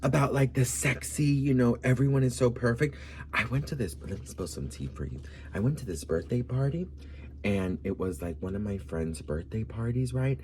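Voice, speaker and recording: A man's voice: mid-range voice, animated, normal speed, darkish tone, a little hiss or hum. A man of Colombian background from Miami, telling a gossipy story in a sassy, campy vlog style and calling the viewer "girl.". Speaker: vlogger.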